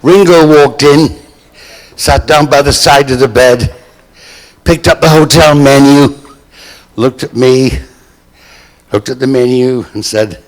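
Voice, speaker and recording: A man's voice: on the high side, slow, long pauses, in a large hall. An older man from Britain tells stories to a live audience with a theatrical manner, acting out the people he quotes. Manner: theatrical, acts out quoted voices. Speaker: storyteller on stage. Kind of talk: anecdote told to a live audience.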